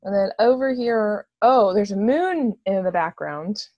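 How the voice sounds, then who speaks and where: A woman's voice: mid-range voice, expressive, a little slow, dry recording, muffled recording. Gushing young woman, casual chat. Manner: bubbly, gushing, lots of "like" fillers.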